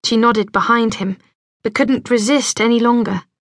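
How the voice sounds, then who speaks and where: A woman reading an audiobook in scripted narration, measured and gentle, close to a studio mic. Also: on the high side, steady tone, no room sound.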